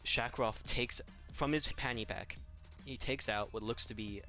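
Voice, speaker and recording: A man's voice: mid-range voice, unhurried, sharp tone, faint music behind. A man narrating a tabletop game as game master, rambling with lots of fillers and frequent laughs.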